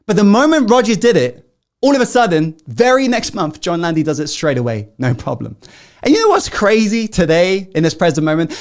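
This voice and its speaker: Man coaching in swinging loud-hushed bursts. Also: sits high. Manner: swings between loud rallying and hushed intensity; asks the audience constant questions. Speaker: self-help coach. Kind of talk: motivational masterclass talk.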